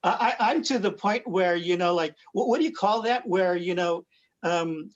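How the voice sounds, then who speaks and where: A man's voice: high-pitched, normal speed. Guest comics artist, male, rambling casual storyteller, muffled lo-fi call audio. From Philippines. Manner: rambling, many fillers and restarts. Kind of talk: casual livestream chat. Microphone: video call.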